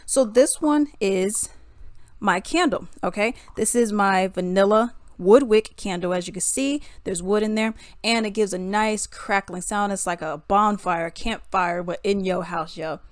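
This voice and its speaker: A woman's voice: medium pitch, unhurried, no room sound, studio quality. A young adult woman vlogger telling a casual story to her viewers, chatty and laughing often. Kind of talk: casual storytime and reaction commentary.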